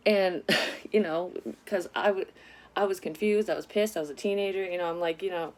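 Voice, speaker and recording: A woman casually telling a personal story to camera, candid and animated, with frequent swearing. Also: medium pitch, moderate pace.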